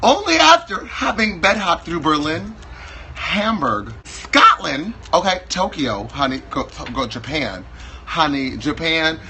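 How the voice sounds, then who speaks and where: A flamboyant man in his thirties from Wisconsin, talking as a guest with a bright, forceful tone. His delivery is campy and playfully over the top, sitting a little high for a man. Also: big pitch swings, measured pace, a little hiss or hum, poor audio. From Wisconsin, USA. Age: 30s. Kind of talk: casual chat.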